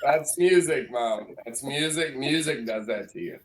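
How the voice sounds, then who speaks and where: A woman's voice: rumbling low, measured pace, background noise. A woman in casual chat, teasing and laughing along with the others. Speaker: co-host.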